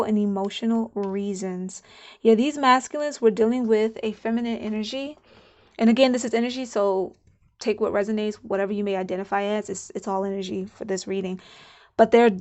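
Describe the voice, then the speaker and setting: A woman's voice: a little high, a little mellow. A woman giving a casual channeled spiritual card reading, musing aloud and repeating herself. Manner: chatty, musing, repeats herself, laughs now and then.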